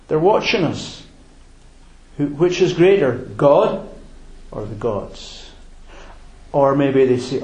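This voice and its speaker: A man preaching a sermon as a pastor, emphatic and deliberate with long pauses. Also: on the high side, big pitch swings, darkish tone. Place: church. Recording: roomy church hall.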